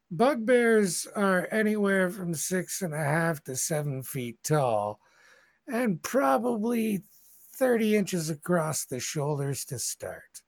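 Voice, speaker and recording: A man's voice: on the high side, no echo. A man narrating a tabletop game as game master, rambling and conversational.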